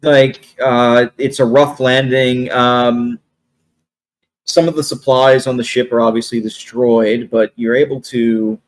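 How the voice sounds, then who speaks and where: A man narrating a tabletop game as game master, often pausing on fillers. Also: medium pitch, level tone. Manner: hesitant, full of fillers.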